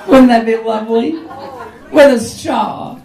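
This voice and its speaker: Playing a catty, brash drag queen hostess, this man uses a very high-pitched, creaky, exaggerated voice at a measured pace. He ribs the live crowd with sarcastic, mock-haughty banter in a pub or club function room. The recording comes from a distant audience camera in an echoey space, with loud laughter and chatter.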